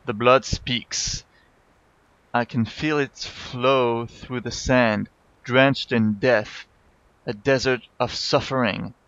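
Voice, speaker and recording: A man's voice: medium pitch, fairly even intonation, takes it slowly, fairly bright tone, no echo, muffled recording. A man voicing a scheming, boastful male troll blood-mage with a put-on troll accent and an emphatic lilt. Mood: intoning.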